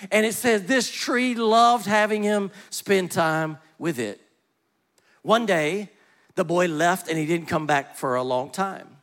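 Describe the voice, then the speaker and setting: Middle-aged pastor, high voice, casual storytelling sermon, slows to stress points. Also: male voice, fairly bright tone. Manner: conversational storytelling, slows for emphasis.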